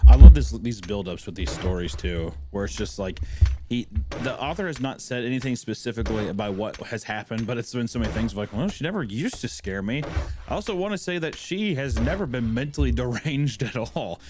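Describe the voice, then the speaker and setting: A man co-hosting a podcast in casual chat, animated, swearing freely and laughing often. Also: medium pitch, brisk, over music. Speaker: podcast co-host.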